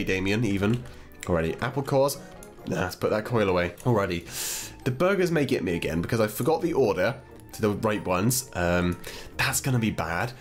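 Gaming host: English man, chatty let's-play commentary, very animated pitch, faint game music behind. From England. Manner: playful, chatty babbling to viewers.

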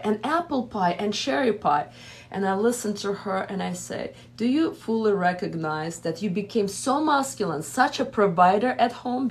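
A woman's voice: medium pitch, darkish tone. Woman giving earnest relationship advice. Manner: earnest, advising, with quoted asides. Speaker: relationship coach, host. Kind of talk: live Q&A advice talk.

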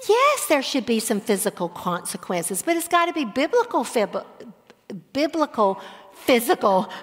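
A middle-aged woman teaching a Bible study on parenting, talking in a conversational, animated way. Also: high-pitched. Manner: conversational, animated, with laughs and acted-out examples. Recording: echoey hall with long reverb.

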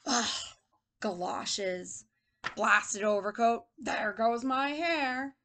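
A woman's voice: on the high side, lively intonation, drawn-out words, a bit bright, slight background noise, heavily acted. A woman voicing a grumpy, gloomy old man who hates the rain in a storybook read-aloud, grumbling sour complaints.

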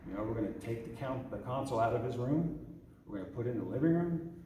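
A man with a low, mellow voice talks to a room of parents, tossing in "okay?" and "right?" as he goes. He is heard from far off in a church hall with long, echoing reverb. A faint room hum sits behind him. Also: expressive, quick pace. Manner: conversational, checks in with "okay?" often. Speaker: youth ministry director giving a parent talk. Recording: echoey hall recorded from far off.

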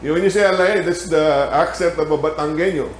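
A man's voice: fairly high pitch, quick pace, slight background noise. Filipino-accented man teaching in an echoey church. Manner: animated storytelling with laughter. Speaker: Sabbath school teacher. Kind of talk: church Bible lesson. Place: church hall.

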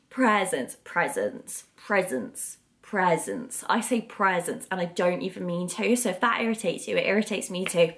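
A woman, chatting casually to camera in a vlog and gushing when she gets excited. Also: medium pitch. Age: 20s. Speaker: vlogger.

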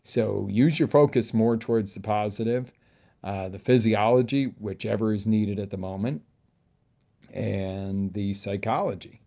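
A man, a fitness coach, giving an animated motivational talk, jumping from loud outbursts to hushed asides. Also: lowish voice, measured pace, creaky.

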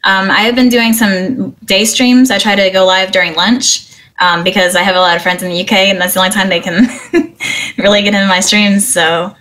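A woman's voice: mid-range voice, fairly even intonation, brisk, a bit bright. A middle-aged woman from Missouri, a guest streamer talking earnestly and cheerfully, with plenty of "um" and "you know" and frequent giggles. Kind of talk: casual interview chat.

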